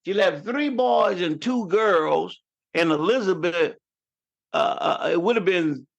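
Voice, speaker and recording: High-voiced New York man in his fifties. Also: slow pace, gravelly, highs cut off. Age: 50s. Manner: storytelling, rambling with many restarts. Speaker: guest. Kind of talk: casual chat.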